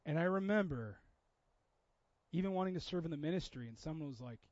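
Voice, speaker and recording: Pastor, man, thirties, high tenor, chatty sermon delivery, dry and slightly dull recording. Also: lively intonation, a little fast, darkish tone, dry recording. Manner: conversational preaching, acts out quoted voices.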